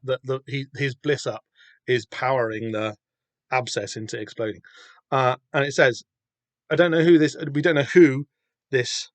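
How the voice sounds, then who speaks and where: A man's voice: medium pitch, no room sound. Rambling man on a dry mic. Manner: rambling, hesitant, many fillers and restarts. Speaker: podcast host. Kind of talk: casual comic read-through chat.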